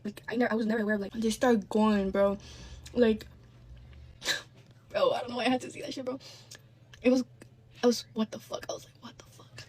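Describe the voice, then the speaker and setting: A woman telling a candid storytime in casual chat, rambling with asides and swearing freely. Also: a little high.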